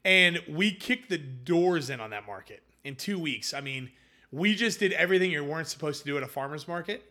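A young man with a bright, forceful tone and a slightly raised voice tells his founder's story in a casual interview. He is animated and slips into quoted voices as he goes. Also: on the high side, a little fast. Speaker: hummus company founder, guest.

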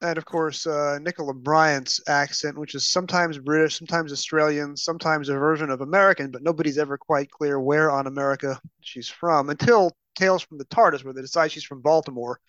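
Wry podcast host with dull audio. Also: male voice, on the high side, steady tone, fairly quick, few pauses, fairly bright tone, no room sound. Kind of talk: casual chat.

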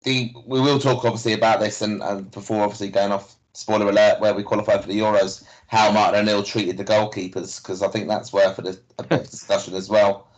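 Flat-voiced man introducing a topic. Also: fairly low pitch, brisk, few pauses, highs cut off. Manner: introduces topics, hesitant with fillers. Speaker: podcast co-host. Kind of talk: casual chat.

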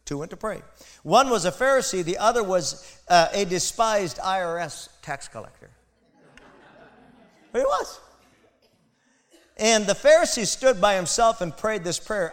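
Male pastor, fairly high voice, impassioned sermon delivery, long church-hall reverb. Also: very animated, a little slow, pauses often. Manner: impassioned, builds to loud emphatic peaks, asides to congregation.

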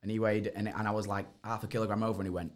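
A man's voice: on the low side, flat delivery, racing. A young man, a podcast guest who tells his fight stories in rambling casual chat, laughing and swearing often.

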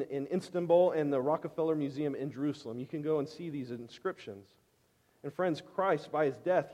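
Male pastor, sermon delivery, rising loud then dropping quiet, somewhat high pitch, church sanctuary echo. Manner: emphatic preaching, swinging between loud and hushed. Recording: long hall reverb.

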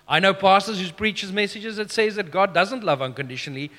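A man preaching a sermon as pastor, emphatic, slowing down for key phrases, with self-deprecating asides. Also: high-pitched, bright, forceful tone, in a large hall.

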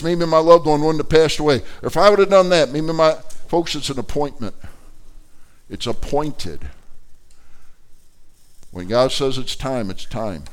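A man preaching a sermon, swinging between loud outbursts and quiet, low passages and acting out the voices he quotes.

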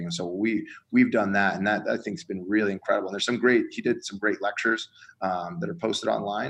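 A man's voice: fairly low pitch, vocal fry, a bit bright, rough recording. A man, a college strength coach, explaining his ideas in a casual podcast conversation, earnest and acting out examples as he goes.

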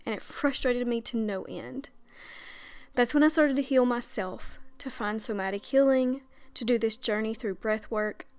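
A young adult woman hosting a podcast as a breathwork coach, talking in an earnest, chatty way with frequent fillers and little laughs. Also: fairly high pitch. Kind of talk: casual monologue.

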